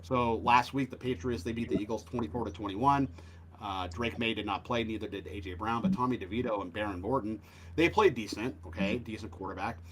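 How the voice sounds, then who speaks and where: A man's voice: fairly low pitch, fairly quick, a bit bright, a little hiss or hum, poor audio. A man hosting a sports betting show, talking casually and animatedly with many fillers.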